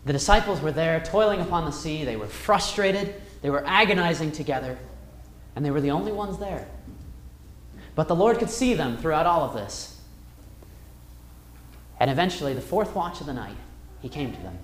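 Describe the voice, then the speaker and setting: A man teaching a Bible class, reading verses aloud and retelling the story with wide swings in loudness. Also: a little high, animated, moderate pace, slight background noise. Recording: echoey room.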